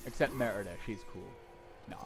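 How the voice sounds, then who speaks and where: A man's voice: fairly low pitch, brisk, creaky. A young man gives casual let's play commentary in a sarcastic, irreverent way. He swears freely and mocks what happens on screen. Faint game music runs underneath. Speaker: gameplay commentator.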